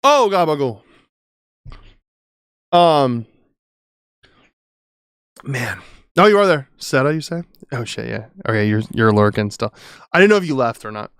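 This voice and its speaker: Male streamer, casual and profane, lively delivery, dry home-studio sound. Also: medium pitch, moderate pace, long pauses, smooth, no echo. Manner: rambling, swearing, chatty with viewers. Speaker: streamer and audio engineer. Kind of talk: casual live-stream chat.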